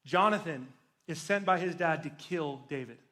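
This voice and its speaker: A man's voice: fairly high pitch, moderate pace, bright, forceful tone. A young man preaching to teenagers as a youth pastor, telling a story casually and with energy, adding jokes. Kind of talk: sermon to teens.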